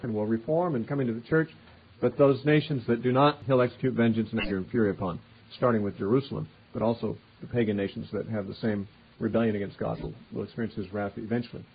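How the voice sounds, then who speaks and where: Here a medium-pitched male voice with a breathy edge goes through a Bible passage one verse at a time. He reads each verse with rising emphasis, then unpacks it conversationally, and the recording is dull and lo-fi.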